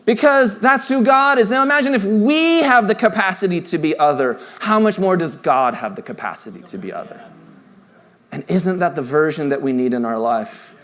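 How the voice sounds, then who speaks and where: A man in his thirties preaching a sermon in a church, earnest and conversational, rising to emphatic points and dropping to quiet, tender passages. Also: high-pitched, expressive, moderate pace. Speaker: pastor. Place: church sanctuary.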